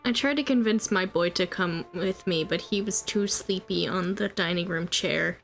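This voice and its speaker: A woman's voice: fairly low pitch, normal speed, vocal fry, faint music behind. A woman player chatting casually in a rambling, giggly way. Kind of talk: casual chat between players.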